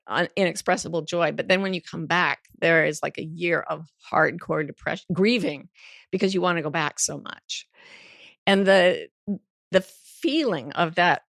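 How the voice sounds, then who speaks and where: A woman in her sixties, a guest on an interview podcast, telling stories in a lively, playful way and swearing freely. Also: lowish voice, vocal fry, no room sound, clean studio sound. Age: 60s. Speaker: guest author.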